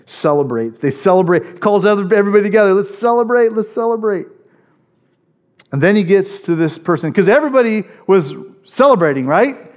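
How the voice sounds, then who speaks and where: A man preaching a sermon as pastor, animated, swinging between loud emphatic lines and low quiet asides, often checking in with "right?".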